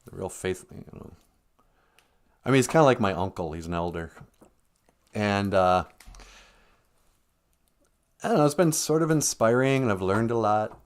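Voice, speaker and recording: A man's voice: lowish voice, lively intonation, moderate pace, long pauses. A man delivering a rambling, sardonic comic monologue on a live stream. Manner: sardonic, rambling, with mocking put-on voices.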